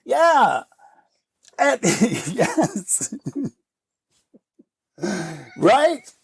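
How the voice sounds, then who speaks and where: A middle-aged American man telling candid, animated stories about his recovery and acting out the voices of the people in them, laughing often. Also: extremely high pitch, very slow, vocal fry, husky, no room sound. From United States. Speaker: podcast guest.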